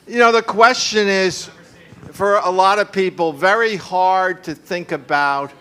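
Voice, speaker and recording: A man's voice: high-pitched, unhurried, bright, forceful tone, smooth. A man talking at a live conference panel, discursive and full of asides and fillers. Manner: discursive, frequent fillers and asides, laughs often. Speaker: panel speaker.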